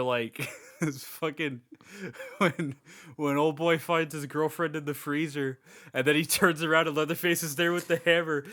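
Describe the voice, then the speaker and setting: Bright-voiced man recapping a horror movie. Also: fairly high pitch. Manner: animated, swearing, acts out scenes in funny voices. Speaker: podcast co-host. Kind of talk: casual movie review chat.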